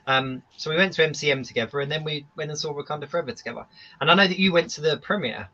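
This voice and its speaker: A man's voice: a little high, rapid-fire, sharp tone, a little hiss or hum. A man hosting a casual chat stream who asks his guest questions in a friendly, chatty way. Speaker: host. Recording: dull lo-fi sound.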